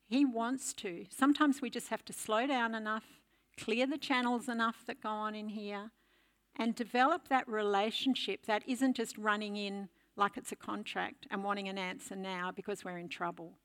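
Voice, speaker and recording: An older woman giving a sermon, telling a lively story to make her point. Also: medium pitch, normal speed. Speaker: preacher.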